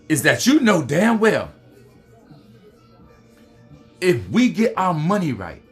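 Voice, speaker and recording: An American man rants through his political commentary with a lot of heat and plenty of cursing. His voice sits at an everyday middle pitch, and he fills the gaps with "you know". A little music plays softly underneath. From United States. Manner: heated, profane, repeats "you know". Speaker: commentary host.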